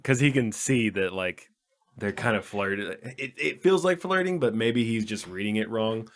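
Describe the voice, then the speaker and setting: Low-voiced, lively laughing man. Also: normal speed. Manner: laughs often, animated scene retellings. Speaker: podcast co-host. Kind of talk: casual movie review chat.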